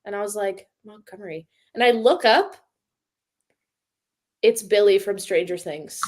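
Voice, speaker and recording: A woman's voice: mid-range voice, a little slow, darkish tone. A young adult woman co-hosting a livestream, telling a story in casual chat, acting out quotes and laughing often. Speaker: livestream co-host.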